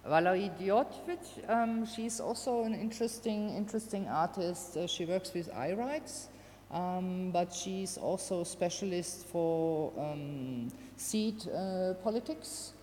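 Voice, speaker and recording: A woman giving a casual, halting presentation of a radio art project, with many fillers. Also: on the low side, warm tone. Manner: hesitant, many fillers and restarts. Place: venue hall. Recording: long hall reverb, faint background noise.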